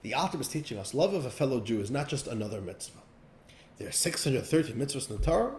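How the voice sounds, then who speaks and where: A male rabbi teaching an expressive class. His speech is emphatic and his voice rises and falls widely. The recording has a roomy echo. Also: medium pitch, fast, slight background noise. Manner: expressive, emphatic, pacing changes often. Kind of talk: animated lesson with storytelling.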